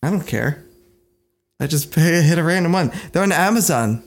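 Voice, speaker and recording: A man's voice: on the high side, animated, moderate pace. A man co-hosting a podcast, sarcastic and teasing in casual banter. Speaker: podcast co-host.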